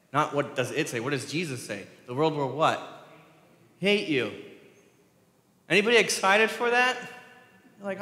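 A man preaching a sermon to his congregation, animated and asking them questions as he goes. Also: fairly high pitch. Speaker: pastor. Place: church sanctuary. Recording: echoey long reverb from a church hall.

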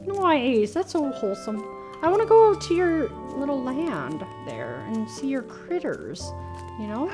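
A woman's voice: high voice, measured pace. Giggly woman gaming streamer. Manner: giggly, chatty, animated reactions. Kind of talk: casual game commentary. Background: game music.

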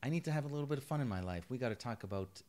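A man's voice: medium pitch, animated, racing, a little mellow. A man co-hosting a casual podcast book review, rambling and joking with lots of restarts. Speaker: podcast co-host.

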